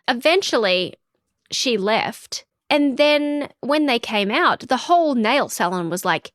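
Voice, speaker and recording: A woman's voice: high voice, a little slow, no echo, studio quality. A woman co-hosting a podcast, telling an outraged story in casual chat and acting out the people in it. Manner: animated, indignant storyteller who acts out quotes. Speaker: podcast co-host.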